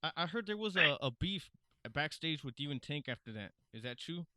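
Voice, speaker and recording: A man's voice: fairly high pitch, very animated, bright, forceful tone. A man hosting a podcast, asking questions in a casual, eager way. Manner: eager, quick backchannels. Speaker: podcast host. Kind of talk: casual interview chat.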